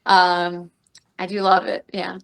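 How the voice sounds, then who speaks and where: A woman's voice: lowish voice, takes it slowly, gravelly, rough recording. A woman in her thirties, a wrestler and radio personality, telling stories in a casual podcast interview and acting out the quotes. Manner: animated storyteller, acts out quotes.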